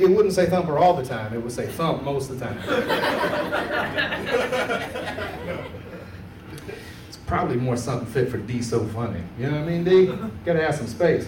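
A man's voice: sits high, noisy background. A man doing a laid-back, chatty stand-up set on a comedy club stage, laughing at his own jokes. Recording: roomy club sound from a distance.

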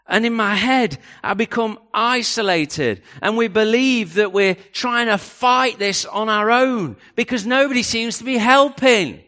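A middle-aged man preaching a sermon, swinging from loud questions down to near hushes. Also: high-pitched, a little slow, hardly any pauses. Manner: dramatic, rising and dropping to near hush. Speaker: pastor.

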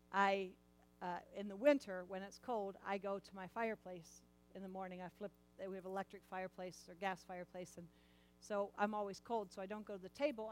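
A middle-aged woman telling a personal story in a sermon, animated and repeating words as she acts out lines. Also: medium pitch, slight background noise, rough recording.

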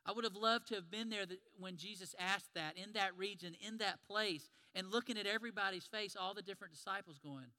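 Guy preaching, high bright voice, chatty storytelling, long hall reverb. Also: fairly quick, few pauses. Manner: storytelling, conversational, acts out quoted lines. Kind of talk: sermon.

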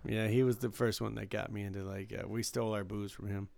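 A man's voice: lowish voice, little pitch movement, fast, creaky, a little mellow. A man in casual podcast chat, easygoing and reminiscing with chuckles. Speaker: podcast co-host.

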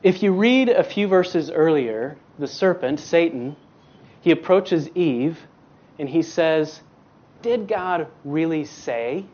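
A man's voice: fairly high pitch, expressive, takes it slowly, darkish tone, dull audio. A man preaching a sermon as a guest preacher, emphatic, asking rhetorical questions and repeating words for stress.

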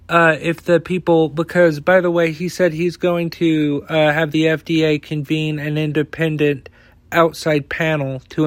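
Man, slow deliberate delivery, fairly high voice, profane, heated, rambling opinion monologue. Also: no echo. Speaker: podcast host. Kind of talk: opinion rant.

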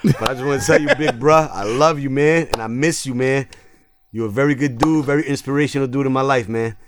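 A man's voice: medium pitch, brisk, background noise. A young man hosting a podcast in laid-back casual chat, full of slang and restarts. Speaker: podcast host.

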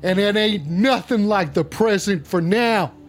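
A man's voice: high-pitched, unhurried, faint music behind. A man streaming in a persona, playing a brash, foul-mouthed male wrestler who trash-talks and repeats his insults. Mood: trash-talking. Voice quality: gruff and shouty, heavy profanity. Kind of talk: livestream persona rant.

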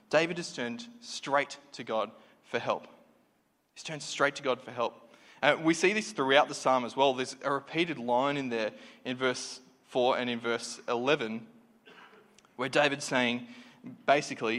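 A man's voice: mid-range voice, measured pace, fairly bright tone. A man giving a conversational, reflective sermon, full of fillers and restarts. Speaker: preacher. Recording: reverberant hall.

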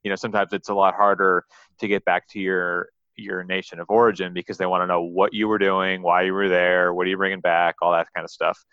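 A man's voice: sits low, flat delivery, a little fast, bright, forceful tone, no room sound. A man co-hosting a podcast, chatting in an easygoing way and chuckling along. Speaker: podcast co-host. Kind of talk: casual chat. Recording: dull dry sound.

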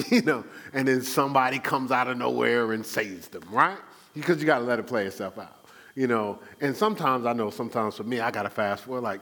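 A man's voice: medium pitch, animated, a little fast, a bit bright. Male pastor preaching in call-and-response. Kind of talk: sermon. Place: church.

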